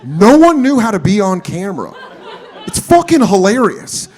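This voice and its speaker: A man doing a stand-up comedy set on a club stage, telling profane stories with loud, exaggerated bursts of character voices. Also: high voice, sing-song, moderate pace.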